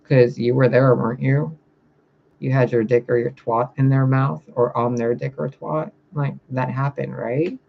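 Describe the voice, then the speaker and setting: A spiritual reader speaking bluntly and profanely in a casual livestream rant, reading out viewer comments and answering them. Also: male voice, mid-range voice, steady tone, measured pace, gravelly, highs cut off.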